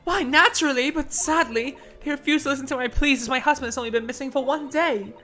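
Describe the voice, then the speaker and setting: A woman's voice: sits high, quick pace, pushed and bright, faint music behind. A woman voicing a prim, anxious Victorian wife in a put-on accent halfway between Southern belle and British, reading game dialogue aloud. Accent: put-on mix of Southern belle and British. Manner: prim, fretful and overly formal. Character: anxious genteel Victorian wife, middle-aged.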